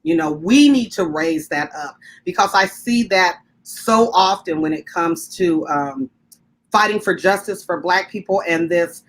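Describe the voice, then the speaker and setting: A woman guest activist on a video call, speaking in an articulate, reasoned and measured way. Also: fairly low pitch. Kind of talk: discussion.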